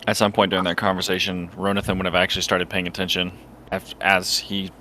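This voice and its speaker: A man's voice: sits low, little pitch movement, quick pace, pushed and bright, a little hiss or hum. A man playing a tabletop game, narrating what his character does. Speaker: player.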